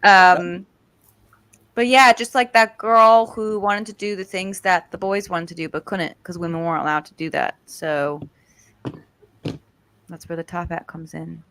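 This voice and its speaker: A woman's voice: lowish voice, steady tone, a little slow, a bit bright, clean tone, no echo. A woman guest in a casual interview, chatty and laughing often. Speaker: guest, author.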